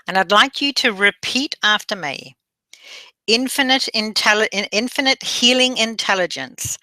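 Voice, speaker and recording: Slow, gentle woman guiding a meditation. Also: medium pitch, no echo. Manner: slow, gentle instructions with repeat-after-me affirmations. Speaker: meditation guide. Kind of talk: guided meditation.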